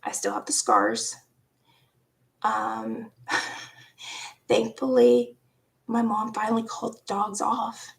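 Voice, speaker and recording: A woman around forty casually telling a personal story, animated, laughing often and dropping into hushed asides. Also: on the high side, slow, gravelly, pauses often. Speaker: vlogger.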